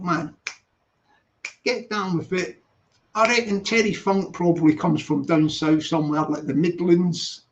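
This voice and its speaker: A man's voice: high-pitched, a bit bright. A Scottish man hosting a casual live stream, rambling playfully and repeating greetings to his viewers. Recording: dull lo-fi stream audio.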